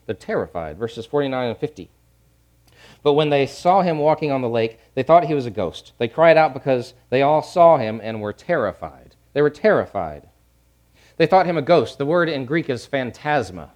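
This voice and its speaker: A middle-aged male pastor preaching a sermon, repeating key phrases and swinging from hushed to loud. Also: mid-range voice, expressive, moderate pace.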